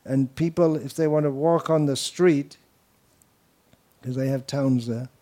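A man delivering a devotional lecture to a gathered audience. He talks in a loose, rambling way, full of anecdotes and teasing asides, his voice sitting at an ordinary middle pitch. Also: steady tone, a little slow, mellow. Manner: wandering, anecdotal, with mocking asides. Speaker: spiritual teacher.

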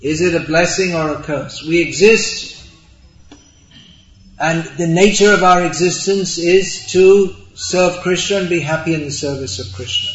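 Spiritual teacher, man, slow deliberate delivery, roomy muffled hall recording. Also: a little high. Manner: slow, deliberate, gently humorous. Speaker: spiritual teacher answering questions. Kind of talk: religious talk with audience Q&A.

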